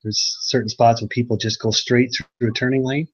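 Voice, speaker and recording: A man's voice: mid-range voice, little pitch movement, fairly quick, breathy edge, muffled recording. A man in a casual chat, joking and acting out little scenes with voices. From Canada.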